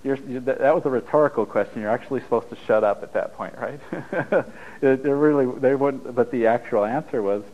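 A man's voice: mid-range voice, fairly quick, lo-fi sound. A middle-aged man giving an informal spiritual talk to a live audience, rambling and joking as he goes, often laughing at his own lines. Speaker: spiritual teacher.

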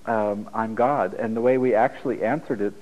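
A man's voice: fairly low pitch, steady tone, normal speed, darkish tone, low-quality recording. A middle-aged man giving an informal spiritual talk to a live audience, rambling and joking as he goes, often laughing at his own lines. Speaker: spiritual teacher.

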